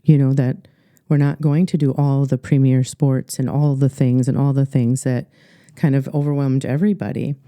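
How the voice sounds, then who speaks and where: A middle-aged woman with an Upper Midwest American accent, a life coach telling her story earnestly in a podcast interview, halting with many fillers. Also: very deep voice, little pitch movement, mellow, no room sound.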